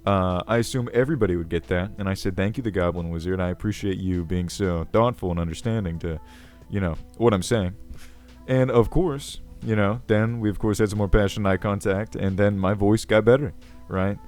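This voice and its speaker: A man's voice: on the low side, brisk, darkish tone, soft background music, lightly acted. A man playing a pompous goblin king. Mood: rambling. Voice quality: crackly voice. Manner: pompous, rambling, self-assured. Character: self-important ancient male goblin king. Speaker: video host. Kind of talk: character comedy Q&A.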